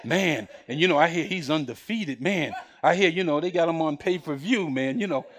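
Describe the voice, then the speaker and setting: A man putting on the voices of gossiping young brothers, hushed and awestruck, repeating "man.". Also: fairly high pitch, moderate pace, pitched below the performer's own voice, close to an everyday voice. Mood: awed hush. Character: gossiping young men, awed big brothers.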